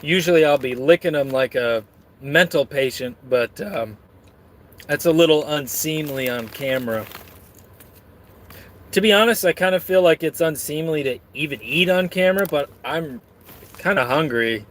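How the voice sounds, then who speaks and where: A man's voice: a little high, lively intonation, normal speed, a bit bright, a little hiss or hum. A man chatting casually on camera while eating and reading out chat, full of crude, rambling, self-mocking jokes. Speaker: streamer reading chat messages.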